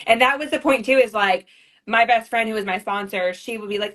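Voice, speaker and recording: A woman's voice: a little high, a little fast, fairly bright tone. A woman in her thirties telling her story on a livestream, rambling and repeating herself as she gets emotional. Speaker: MLM leader on a livestream.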